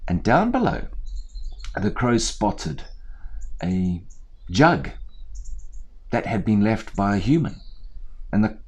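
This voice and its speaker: A man storyteller talking to viewers in a lively, chatty way with playful asides, indoors on a small theatre set. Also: lowish voice, slow, long pauses, husky.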